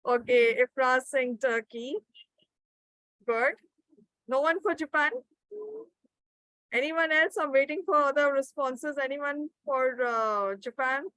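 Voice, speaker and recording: A woman's voice: high voice, slow, long pauses, bright, forceful tone, dry recording, rough recording. A woman running a live webinar, reading out participants' answers and encouraging them. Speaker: webinar trainer. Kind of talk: live online teaching session.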